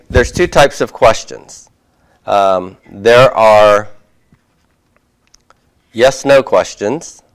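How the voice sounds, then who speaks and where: A man's voice: fairly low pitch, smooth. A man lecturing on grammar in a classroom style, joking and folksy, with many fillers and restarts.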